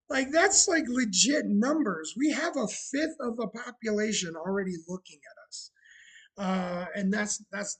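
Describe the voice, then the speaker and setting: A man's voice: high-pitched, husky, low-quality recording. A man chatting casually on a live stream, sarcastic and talkative, greeting viewers as he goes. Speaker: streamer running a bar roleplay channel.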